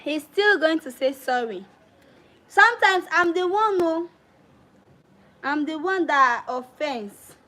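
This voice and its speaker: A woman's voice: high-pitched, expressive, takes it slowly, pauses often, pushed and bright, poor audio. A young woman from Sierra Leone with a Krio-tinged English accent, hosting a casual livestream and talking straight to her viewers, slipping into Krio phrases now and then. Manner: chatty, addresses viewers directly, drops into Krio phrases. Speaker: livestream host.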